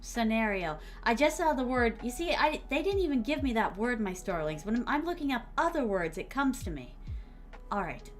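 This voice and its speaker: Woman streamer, slightly high voice, casual musing, faint music behind. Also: sing-song, moderate pace. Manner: musing aloud, trying out words.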